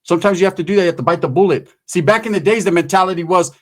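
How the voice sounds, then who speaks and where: A man's voice: high voice, rapid-fire. A man giving casual vlog commentary in streetwise, slang-heavy talk, swearing freely. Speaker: channel commentator.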